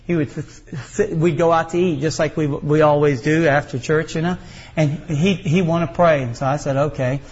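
Male pastor, high tenor, emphatic folksy sermon, dull lo-fi recording. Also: fairly even intonation, normal speed, darkish tone. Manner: folksy, emphatic preaching with rising outbursts.

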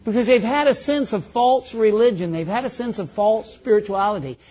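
High-voiced man preaching a folksy sermon. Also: moderate pace, darkish tone, husky, lo-fi sound. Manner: folksy, conversational preaching with congregation call-outs.

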